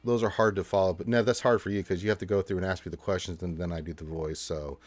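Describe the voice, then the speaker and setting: Here a man with a low voice talks fast in a steady tone, with no room sound. He's a livestream host closing out the show, chatting loosely and rambling with plenty of fillers.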